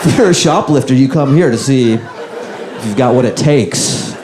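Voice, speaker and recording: A male stand-up comedian doing a loose, conversational set on a club stage, slipping into quick impressions, recorded live with a handheld mic. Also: medium pitch, animated, a crowd in the background, noisy background. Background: audience laughter.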